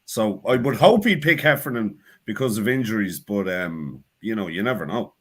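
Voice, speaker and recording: A man's voice: lowish voice, animated, moderate pace, slightly rough. A man with an Irish accent, a panel guest who gives blunt, outspoken opinions in casual chat.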